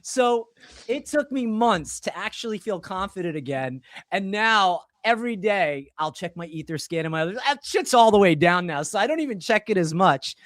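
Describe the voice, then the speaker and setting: A man in his forties hosting a casual podcast chat, telling animated, rambling stories full of restarts. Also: sits high, moderate pace, no room sound, clean studio sound. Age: 40s. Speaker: podcast host.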